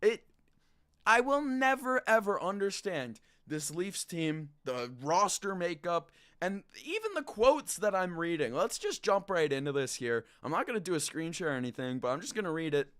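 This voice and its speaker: A young man hosts a live sports talk show, venting his frustration in a passionate rant. His voice sits high and swings widely in pitch, climbing to near shouts when he gets worked up. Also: very animated, normal speed, clean tone. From Canada. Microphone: own mic, moved during check.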